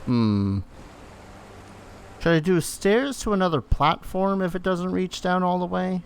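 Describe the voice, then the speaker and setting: A man's voice: high voice, animated, unhurried, slight background noise. A man streaming a game, giving casual commentary and muttering to himself with self-teasing remarks.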